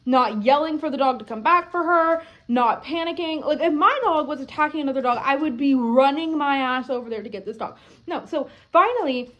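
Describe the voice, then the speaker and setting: A young adult woman vlogging at home, telling a story in a rambling, animated way, full of filler words and frequent swearing. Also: high-pitched, a little fast, lo-fi sound. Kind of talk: casual storytelling to camera.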